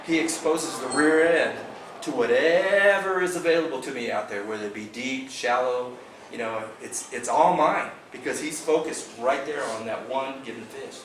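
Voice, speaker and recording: A man recounts a fishing day to his club, animated and vivid, punching out sound effects and quoting people along the way. He's picked up from a distance by a camera in a roomy hall. A steady background noise sits under his voice. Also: mid-range voice. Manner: excited, vivid, acts out sounds and quotes. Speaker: bass fishing club member. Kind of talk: animated storytelling to a club meeting. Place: club meeting room. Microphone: far camera.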